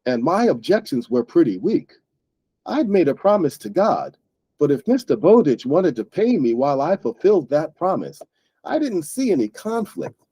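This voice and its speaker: A man hosting an English book club, explaining words slowly and plainly to learners and often checking in with "right?". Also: on the high side, sing-song, mellow, slightly rough, no echo.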